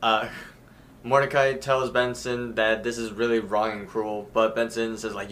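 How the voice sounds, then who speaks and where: A man's voice: on the low side, little pitch movement, unhurried, a bit bright, a little hiss or hum. A man on a podcast, retelling cartoon scenes in a matter-of-fact, casual way. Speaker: podcast co-host. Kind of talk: casual episode recap chat.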